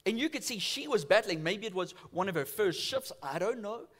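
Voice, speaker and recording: A man preaching a sermon as a church pastor, telling stories and swinging from loud to hushed. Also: high voice, animated, a little fast. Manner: storytelling, acts out voices in quotes, swings from loud to hushed.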